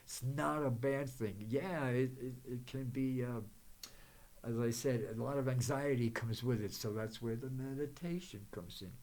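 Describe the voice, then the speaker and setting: Man hosting his own psychic talk show, mid-range voice, rambling delivery with gentle affirmations. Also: mid-range voice, moderate pace. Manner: rambling, many fillers and restarts. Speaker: psychic and spiritual show host. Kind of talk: rambling spiritual talk to viewers.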